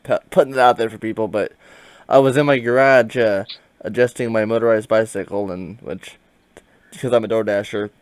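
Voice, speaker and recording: A man's voice: fairly low pitch, fairly even intonation, normal speed, clean tone, no room sound. A man hosting a casual interview, laid-back and swearing offhandedly, his sentences often trailing off. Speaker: podcast interviewer.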